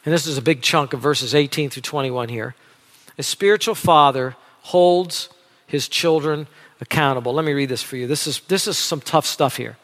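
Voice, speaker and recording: A man preaching a sermon in an animated, dramatic way, moving between loud and soft delivery. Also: on the high side, normal speed, long reverb tail. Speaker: pastor.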